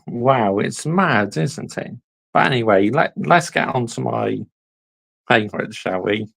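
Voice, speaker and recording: Male football reactor, husky fry-heavy voice, unhurried, blunt and slangy. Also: medium pitch, fairly bright tone, low-quality recording. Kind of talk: casual reaction commentary.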